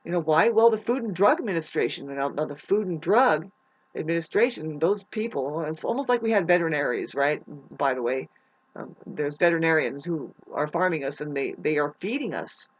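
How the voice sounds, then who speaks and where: A woman with a somewhat low voice delivers a rambling spiritual monologue, swearing freely and restarting her sentences. She jumps between loud, heated outbursts and quiet, muttered asides. The recording sounds dull and lo-fi. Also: animated, a little fast. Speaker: astrology vlogger.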